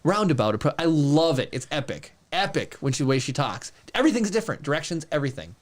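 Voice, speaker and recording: A man in his thirties co-hosting a podcast, telling stories in a rambling, animated way. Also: a little high, quick pace. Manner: rambling, animated storytelling with restarts. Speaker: podcast co-host. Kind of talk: casual chat.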